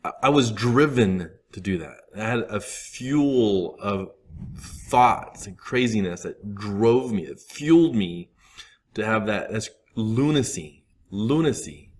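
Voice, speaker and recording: A man's voice: on the low side, lively intonation, slow. A man in his thirties giving a candid, rambling talk to a recovery group, acting out his own asides. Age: 30s.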